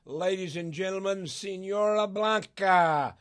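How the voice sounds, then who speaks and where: This older man from Arkansas, USA, pastors on a call-in radio show at a measured pace, his voice sitting high. Southern-accented and folksy, he gets emotional, laughs frequently and stretches out words for emphasis.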